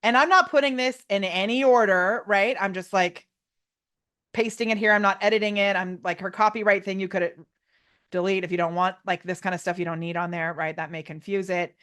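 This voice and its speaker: A woman presenting a live online workshop, talking in an excited, loud way and laughing often. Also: mid-range voice, a little fast.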